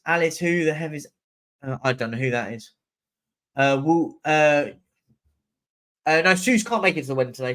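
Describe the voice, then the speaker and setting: A young man hosts a casual live stream. His voice sits a little high, and he chats freely while reading out and answering viewers' comments. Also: fairly bright tone. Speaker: livestream host.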